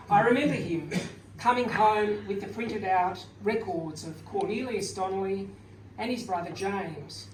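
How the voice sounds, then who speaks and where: An Australian-raised man, an author, giving a wry, gently humorous speech full of anecdotes at a book launch. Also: high-pitched. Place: event venue, indoors. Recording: echoey room from far off, faint noise.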